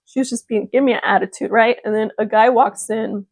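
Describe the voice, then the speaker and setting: A woman's voice: fairly high pitch, fairly even intonation, quick pace, vocal fry, no room sound. Chatty, laughing young woman. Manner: chatty, laughs often, mimics gushing voices. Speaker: vlogger. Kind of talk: casual chat to camera.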